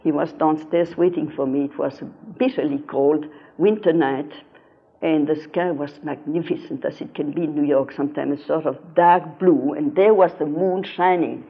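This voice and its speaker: In a low voice with a breathy edge and a moderate pace, an older woman lectures on philosophy, sharing stories from her teaching and giving key words earnest emphasis. The lo-fi recording sounds dull.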